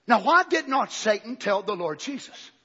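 Preacher man, real high husky voice, hollers then goes quiet, big echoey church, muffled old tape. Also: sing-song, moderate pace. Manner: swings from low murmurs to shouted climaxes, calls out amen. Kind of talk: fiery revival sermon. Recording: echoey hall, dull lo-fi sound.

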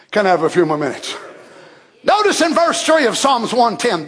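A man preaching a fiery sermon who swings from shouted climaxes to hushed near-whispers and reads scripture in old-fashioned wording. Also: extremely high pitch, sing-song, normal speed.

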